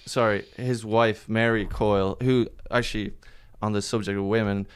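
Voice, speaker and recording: Low smooth-voiced man telling family history. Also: fairly even intonation, normal speed. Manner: rambling storyteller with many restarts. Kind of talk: casual chat.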